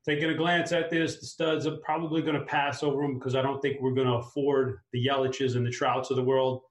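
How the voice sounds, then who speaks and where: A man hosting a casual fantasy sports chat, upbeat and talking his picks through out loud. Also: mid-range voice, flat delivery, brisk, reverberant, low-quality recording. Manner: upbeat, talks through a lineup aloud. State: clearing a tickle in his throat. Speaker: fantasy sports show host.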